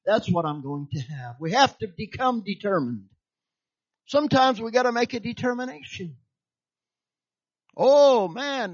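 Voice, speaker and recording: A man's voice: high voice, no echo, muffled recording. A man preaching a sermon in an emphatic, repetitive way, tossing questions out to his listeners for them to finish.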